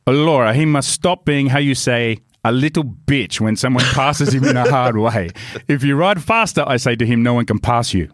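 A man's voice: mid-range voice, moderate pace, dry recording, clean studio sound, natural voice. A man on a podcast putting on a hammy, over-the-top Italian accent as a boastful racing star. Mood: hammy boasting. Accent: put-on Italian. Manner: hammy, over-the-top, shouting, laughing through it. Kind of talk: comic impression on a podcast.

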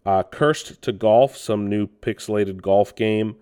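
A man's voice: fairly low pitch, slow pace, warm tone, clean tone. A man hosting a casual gaming news podcast, talking loosely with lots of ums and restarts. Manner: loose, rambling delivery full of ums and restarts. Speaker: podcast host.

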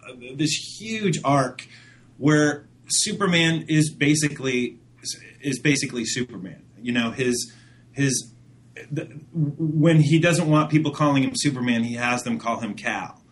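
A man co-hosting a casual podcast chat, talking haltingly with many restarts. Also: medium pitch. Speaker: podcast co-host.

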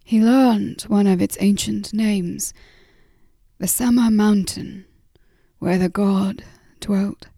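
A woman narrating a story in a whispered role-play, softly and unhurriedly. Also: medium pitch, fairly even intonation, slightly rough, no echo, clean studio sound. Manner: soft, unhurried reading.

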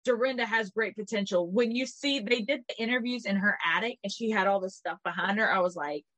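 A woman co-hosting a podcast in casual gossip chat, animated and swearing, acting out quotes in little voices. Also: medium pitch, a little fast, no echo, low-quality recording. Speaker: podcast co-host.

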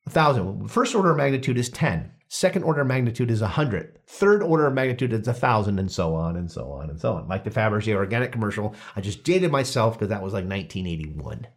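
Animated, joking male podcast host. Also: fairly low pitch, quick pace, hardly any pauses. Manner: animated, joking, often restarts and corrects himself. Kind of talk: casual podcast chat reading through a study.

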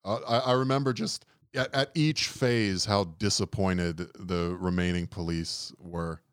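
A man's voice: low-pitched, fairly even intonation, unhurried, clean tone, no echo, studio quality. A young man from New Orleans telling stories in a casual chat, wry and rambling, often laughing at his own tales.

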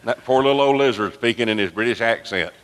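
A man preaching a sermon as pastor, impassioned and climbing toward near-shouts. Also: mid-range voice, fast. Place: church sanctuary. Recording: long reverb of a church hall.

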